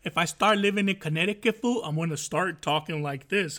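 A man's voice: a little high, fairly quick, a bit bright. A man co-hosting a podcast, chatting casually in a rambling, jokey and profane way. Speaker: podcast co-host.

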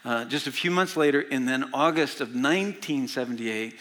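A man's voice: medium pitch, moderate pace, a bit bright. A man in his sixties, a senior pastor, preaching a sermon in a folksy storytelling way with frequent filler sounds. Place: large church hall. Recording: long reverb of a large hall.

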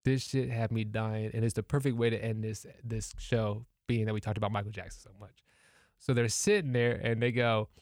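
A man's voice: on the low side, fairly quick, no room sound, clean studio sound. A man co-hosting a podcast, eagerly retelling a funny clip he watched, swearing freely and laughing as he goes. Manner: animated storyteller, swears freely, laughs through the telling. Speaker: podcast co-host. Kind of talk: casual chat, retelling a comedy bit.

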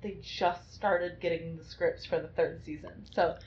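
A woman's voice: lowish voice, steady tone, measured pace, darkish tone. A young woman co-hosting a podcast, chatting enthusiastically and swearing casually. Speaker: podcast co-host. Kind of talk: casual chat. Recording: dull lo-fi sound with faint noise.

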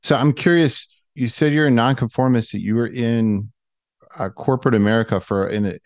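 A man's voice: medium pitch, moderate pace, no echo, studio quality. A man hosting an interview, asking questions and reacting with encouragement. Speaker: podcast host.

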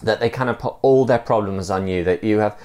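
A man's voice: lowish voice, brisk, a little mellow. A man preaching a sermon in a conversational way, telling a fable with frequent fillers. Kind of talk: sermon with storytelling.

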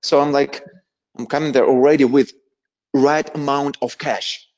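A man's voice: medium pitch, normal speed. A young man from Russia with a Russian accent, telling stories as an interview guest and acting out quoted voices. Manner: animated, acts out quoted voices, laughs often. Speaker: guest, musician. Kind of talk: casual storytelling.

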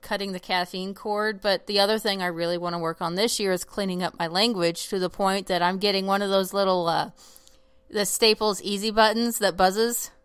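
A woman co-hosting a podcast with a smooth, clear voice, recorded close and dry with no room sound. She talks in an animated, joking way and pokes fun at herself. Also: medium pitch, moderate pace, no room sound. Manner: animated, joking, self-mocking. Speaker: podcast co-host. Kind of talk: casual chat.

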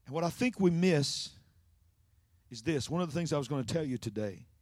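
A man preaching a sermon in call-and-response style, swinging from loud to hushed. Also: a little high, animated, fairly quick, dry recording, clean studio sound.

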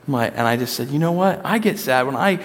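A man's voice: mid-range voice, lively intonation, fast. A man in his thirties preaching a conversational sermon, acting out quotes with playful voices. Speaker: pastor. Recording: long hall reverb.

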